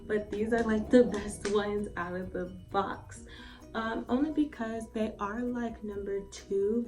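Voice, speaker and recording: A woman's voice: mid-range voice, darkish tone. Chatty, foul-mouthed woman reviewing lashes. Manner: chatty, swears freely, lots of "like" and "um". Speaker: beauty vlogger. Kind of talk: casual try-on review. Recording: slightly distant mic with faint music.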